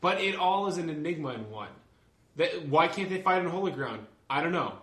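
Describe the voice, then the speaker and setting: A man co-hosting a casual movie chat, calmly thinking aloud. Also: on the high side, brisk, reverberant. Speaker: podcast co-host.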